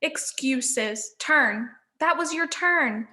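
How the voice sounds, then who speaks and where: A woman voicing an excitable, grabby old hag with one eye, in a storybook reading. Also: high voice, drawn-out words, full character voice. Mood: cackling. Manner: exclaiming, grabby.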